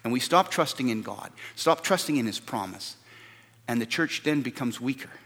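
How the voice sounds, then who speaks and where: A man's voice: medium pitch, expressive, moderate pace, fairly bright tone. A man preaching a sermon as pastor, earnest and repeating words for stress. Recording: long hall reverb.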